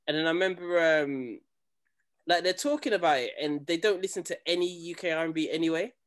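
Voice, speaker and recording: Young man, slangy animated storyteller, somewhat high voice. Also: fairly quick. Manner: animated storytelling, slangy, acts out quoted people. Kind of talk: casual chat.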